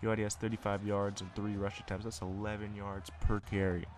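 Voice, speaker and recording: A man's voice: fairly low pitch, fairly quick, background noise. A man commentating his own football video game, calling plays like a sportscaster. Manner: excitable, calls plays like a sportscaster. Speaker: gamer commentating his play. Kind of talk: casual play-by-play commentary.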